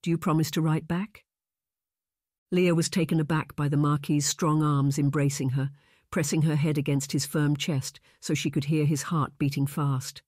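A man narrating a historical romance audiobook in a measured, even storytelling manner. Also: a little high, no echo, clean studio sound. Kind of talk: scripted narration.

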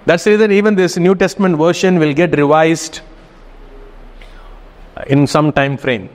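High-voiced man teaching a class. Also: fairly even intonation, moderate pace. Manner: casual, checks in with students often. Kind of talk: classroom lecture. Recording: reverberant hall.

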